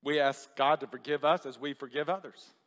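A man's voice: a little high, steady tone, fairly quick, fairly bright tone, in a large hall. A man preaching a sermon to a congregation, chatty and full of questions to the room. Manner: conversational, asks the congregation questions. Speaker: pastor. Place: church hall with a congregation.

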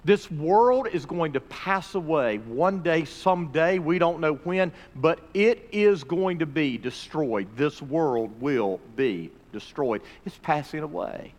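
A male pastor delivers a sermon in a slightly raised pitch. He swings between emphatic, swelling declarations and hushed, earnest appeals. The voice rings out with a long reverb, as in a church sanctuary. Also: expressive, slow pace, few pauses. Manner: preaching with swelling emphasis, dropping to soft pleas. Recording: reverberant hall recording.

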